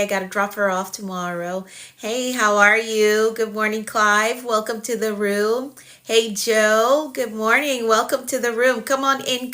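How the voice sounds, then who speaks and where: Bright-toned woman in her forties, a cheerful life coach welcoming viewers on a live stream. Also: mid-range voice. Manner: upbeat, welcoming, repeats greetings.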